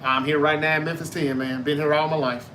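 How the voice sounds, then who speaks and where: A man's voice: on the high side, little pitch movement, a little fast, a bit bright, slight background noise. A man from North Mississippi with a Southern Mississippi accent, hosting a casual live sports podcast, reading chat comments aloud and answering them in a loose, chatty way. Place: home in Memphis, Tennessee.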